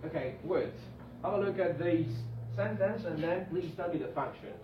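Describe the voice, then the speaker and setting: A man's voice: fairly high pitch, normal speed, background noise. A male teacher giving a classroom grammar lesson, repeating example sentences and checking in with students with a frequent "yeah?". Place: classroom with a whiteboard. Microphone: far from the speaker. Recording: echoey, distant, dull lo-fi room recording.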